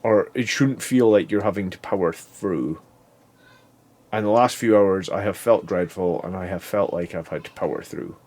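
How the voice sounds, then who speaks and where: A man in his thirties talks through a casual video diary, worn out and foggy after a long fast. He rambles along, keeps restarting his sentences and loses his thread in places. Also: low-pitched, a little mellow. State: tired and foggy from fasting. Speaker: YouTube channel host.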